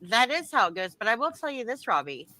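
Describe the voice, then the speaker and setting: A woman's voice: fairly high pitch, sing-song, bright, forceful tone, rough recording. A woman hosting a live stream, speaking firmly and emphatically. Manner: firm, emphatic, deliberate. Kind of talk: firm live-stream talk.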